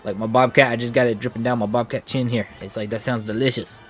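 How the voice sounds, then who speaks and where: A man's voice: mid-range voice, steady tone, fast, soft background music. A man hosting a casual gaming livestream, chatting with viewers and reading chat aloud. He sounds a little short of breath from allergies. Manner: chatty, reads chat aloud, playful asides. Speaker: gaming streamer.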